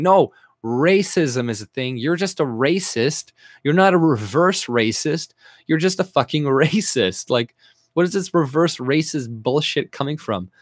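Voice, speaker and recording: A Canadian man vents in an angry reaction rant, swearing freely and mocking what he reads. His voice sits at an ordinary middle pitch. It is recorded close and dry, with no room sound. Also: animated, measured pace, no room sound. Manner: profane, sarcastic, mocking. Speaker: YouTuber.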